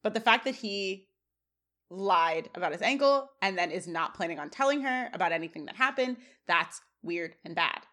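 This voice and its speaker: A woman co-hosting a casual podcast, chatting and reading scene recaps in an animated way. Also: mid-range voice, moderate pace. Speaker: podcast co-host.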